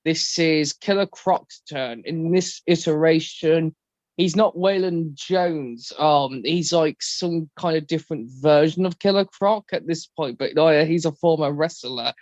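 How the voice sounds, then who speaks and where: Rambling man with a high, dry voice. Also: a little slow, darkish tone, dry recording, lo-fi sound. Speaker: podcast co-host. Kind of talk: casual discussion.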